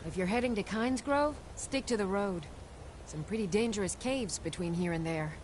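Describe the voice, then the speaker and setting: A plain-spoken fantasy game character, voiced by a woman, delivering recorded lines in an even tone. The voice sits in a middle register with faint background hum. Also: mid-range voice, normal speed, natural voice. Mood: advising.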